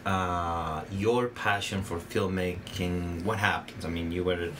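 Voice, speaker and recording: This podcast host has a Spanish accent and a low-leaning voice, and he talks slowly through a casual interview chat. He hesitates a lot, looping his questions with fillers and restarts while noticeable background noise fills the room.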